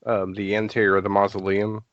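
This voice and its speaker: A man's voice: on the low side, flat delivery, brisk, fairly bright tone, dry recording. A man chatting casually as a podcast guest, rambling with many fillers and restarts. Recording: dull lo-fi podcast audio.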